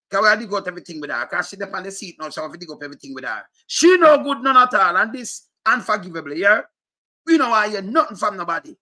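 A middle-aged man with a strong Jamaican accent delivers a heated rant, slipping between Patois and English. His voice sits high and rings sharp and tense. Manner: animated, repetitive, mixes Patois and English. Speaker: commentator.

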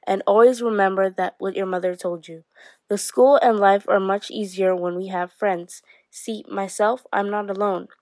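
A woman voicing a huge, kind old eucalyptus tree that speaks in a soft, gentle tone, reading a story aloud. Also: mid-range voice, fairly even intonation, moderate pace, no echo, lightly acted.

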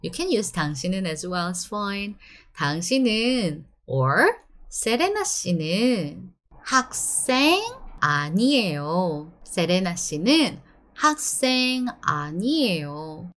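A woman in her thirties with a Korean accent, a Korean teacher giving an encouraging online lesson and drawing out the example phrases slowly. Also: lowish voice. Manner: lively, encouraging, drawn-out model phrases.

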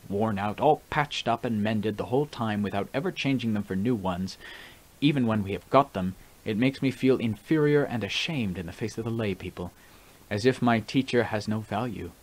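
A man's voice: mid-range voice, close to an everyday voice. A man reading as a deferential pleading monk. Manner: earnest, formal and deferential. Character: devoted male monk pleading respectfully with his teacher. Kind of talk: audiobook reading.

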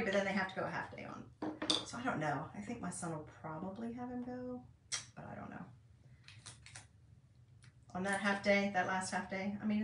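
A woman in her fifties hosts a casual craft tutorial from home, chatting and rambling to viewers as she works. Her voice sits at a medium pitch and is recorded from a distance, with a little hiss or hum. The mic is set back, giving the room a noticeable echo.

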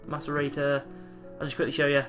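A man's voice: a little high, monotone, fast talker, a bit bright, faint music behind. A man casually commentating his own gameplay, chatty and jokey, swearing now and then. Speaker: let's play host.

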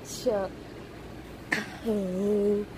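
A woman filming an unboxing vlog at home, gushing with excitement and cooing as she talks. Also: mid-range voice, very slow, a little hiss or hum, poor audio. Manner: gushing, excited, coos over the doll. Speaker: reborn doll collector vlogger. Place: indoors at home.

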